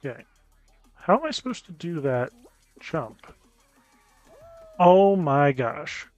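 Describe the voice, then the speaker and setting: A man giving casual gameplay commentary as a gaming YouTuber, chatting with viewers and reacting out loud to close calls. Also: a little high, big pitch swings, slow pace, lo-fi sound, soft background music. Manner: chatty, reacts loudly to near misses.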